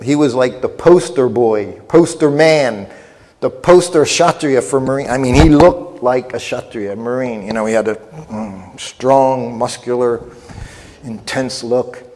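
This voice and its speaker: A man's voice: medium pitch, darkish tone. An older man telling a humorous, self-deprecating story as a festival speaker. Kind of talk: storytelling lecture. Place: festival hall. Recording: long reverb in a hall.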